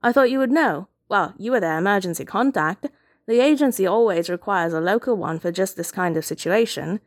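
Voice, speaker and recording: A woman putting on a frazzled young babysitter with a Midwestern accent, talking quickly and apologizing as she rushes. The voice is pitched a little higher than the reader's own. Dry, close recording for a storybook reading. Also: expressive, no echo, lightly acted. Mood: hurried, apologetic.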